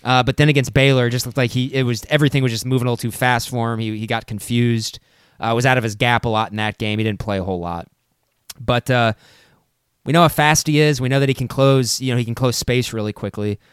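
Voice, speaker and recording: A man co-hosting a casual sports podcast, earnest and full of halting restarts. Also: medium pitch, steady tone, smooth, no echo, clean studio sound. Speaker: podcast co-host.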